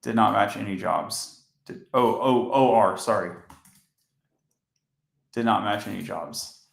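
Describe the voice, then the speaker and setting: Male coding streamer, sleepy and monotone, some vocal fry, roomy echo. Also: fairly low pitch, slow pace. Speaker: software developer teaching on a live stream. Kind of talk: casual live coding stream.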